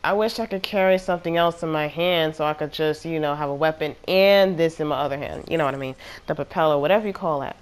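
Woman talking over her game clips, kinda low voice, rambly and fed up, chatty. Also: fast, few pauses. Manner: chatty, exasperated, rambling with fillers. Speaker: gaming channel host. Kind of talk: casual gameplay commentary.

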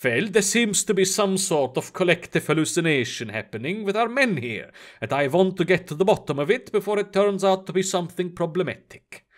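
A man's voice: high-pitched, lively intonation, fairly quick, hardly any pauses. A man voicing a polite, cautious Arctic station manager in a story reading.

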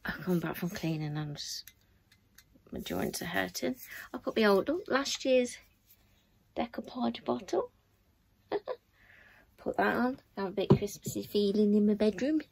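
A woman's voice: mid-range voice, animated, measured pace, creaky, pauses often, a little mellow, husky. Tired chatty woman vlogging. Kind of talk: casual vlog chat. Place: her bedroom at home.

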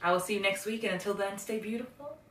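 A woman success coach gives an upbeat motivational talk and now and then acts out the voices she quotes. Her voice has a middle pitch and sits a little back from the mic. The room around her is echoey. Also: fast talker, a bit bright, far from the mic, a little hiss or hum.

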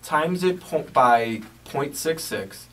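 A man's voice: on the high side, lively intonation, slow, fairly bright tone. A man hosting a podcast in a small studio, chatting casually in a rambling, upbeat way full of filler words. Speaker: podcast host. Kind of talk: casual radio-style chat. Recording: distant mic, roomy sound.

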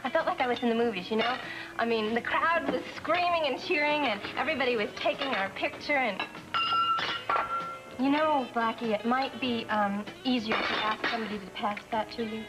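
A high-voiced, gushing chatterbox of a girl, running on and on in a 1980s soap opera scene, as an actress plays her. She rambles breathlessly from one thought to the next. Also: a little fast, loud music behind the voice, natural voice, poor audio. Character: excitable chatterbox young woman, gushing. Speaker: chatty young woman at breakfast. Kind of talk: 1980s daytime soap acting.

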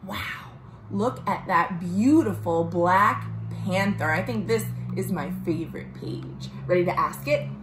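A woman librarian reading a picture book aloud to young children at home, gentle and sing-song, asking the little listeners questions. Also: lowish voice, slow pace, reverberant, slight background noise. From United States. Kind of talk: storytime read-aloud for children.

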